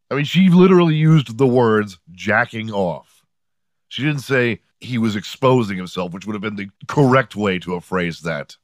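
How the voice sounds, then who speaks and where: A man's voice: lowish voice, dry recording, studio quality. A middle-aged man hosting a podcast, telling a story in a casual, profane, sarcastic comic monologue from home. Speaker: podcast host. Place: home room.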